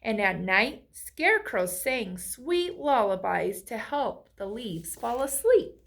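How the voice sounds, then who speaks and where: Slow, lively woman reading a kids' book. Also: a little high, creaky. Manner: asks the listener friendly questions. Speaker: storybook reader. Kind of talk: children's read-aloud.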